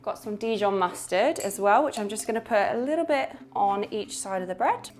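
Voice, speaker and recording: A woman's voice: medium pitch, expressive, normal speed. A young woman hosting a casual cooking tutorial from her small home kitchen, chatty and upbeat as she explains each step. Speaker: cooking channel host.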